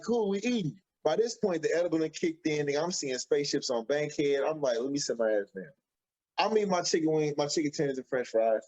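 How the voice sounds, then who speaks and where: A man, co-hosting a podcast and telling an animated story, acting out the quotes excitedly. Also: fairly high pitch. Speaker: podcast co-host. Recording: dull lo-fi audio.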